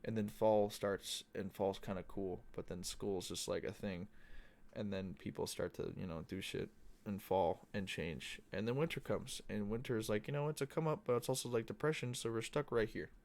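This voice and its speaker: A man's voice: on the low side, moderate pace, creaky, a little mellow. A young man hosting a podcast, talking casually in a loose, profane, meandering monologue. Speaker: podcast host. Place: Arizona.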